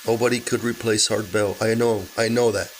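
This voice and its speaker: A man's voice: fairly low pitch, little pitch movement, slight background noise, poor audio. A sick man with a weak voice, rambling in a casual vlog from his car with many halts and fillers. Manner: halting, full of fillers and restarts. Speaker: vlogger.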